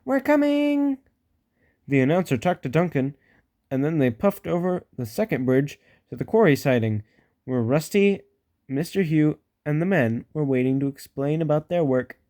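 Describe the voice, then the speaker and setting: A man's voice: on the high side, moderate pace, dark tone. A man reading a children's storybook aloud, casual, with joking asides and small stumbles. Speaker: storybook reader.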